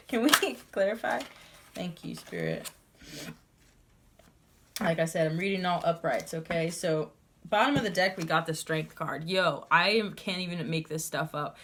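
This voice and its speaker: A woman's voice: fairly low pitch, a little hiss or hum. A young woman doing a casual tarot reading, ranting and swearing heavily with lots of energy. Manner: ranting, heavy swearing, fired up. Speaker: tarot reader.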